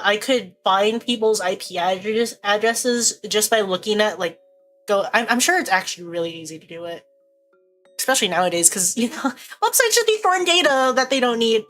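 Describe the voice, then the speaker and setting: A woman's voice: mid-range voice, fairly bright tone. A young woman streaming, chatting casually in a rambling, jokey way and laughing often.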